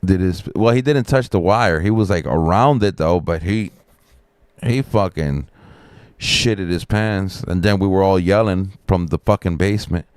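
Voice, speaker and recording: A middle-aged man rambling through a profane story on a casual live stream, with lots of fillers and a sharply higher voice when he quotes other people. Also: a little slow, a little mellow, clean tone, no room sound. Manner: raises pitch sharply when quoting others.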